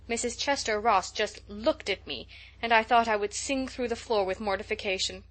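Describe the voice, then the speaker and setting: A woman's voice: mid-range voice, normal speed, fairly bright tone, natural voice. A woman reading as a gushing, dramatic young girl. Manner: gushing, breathless storytelling. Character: chatty imaginative young girl, dramatic and excitable. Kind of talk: audiobook character reading.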